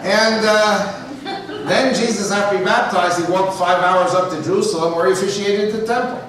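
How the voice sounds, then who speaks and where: Speaking fast in a high-pitched, steady voice, a New Yorker addresses a church congregation as a guest, blending storytelling with jokes. He keeps it conversational, quoting others in dialogue, while a crowd can be heard and the distant mic captures the sanctuary's roomy echo.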